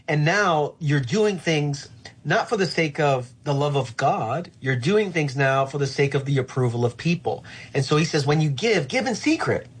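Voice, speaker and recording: Male pastor, husky voice, reflective and earnest, conversational. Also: mid-range voice. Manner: reflective, earnest, frequent "uh" fillers. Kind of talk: conversational interview answer.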